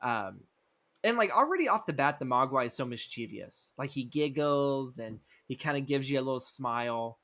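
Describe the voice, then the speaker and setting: A man's voice: medium pitch, lively intonation, moderate pace, a bit bright. A man co-hosting a podcast, recapping a movie script in a rambling, profane way and acting out the characters' lines as he goes. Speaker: podcast co-host.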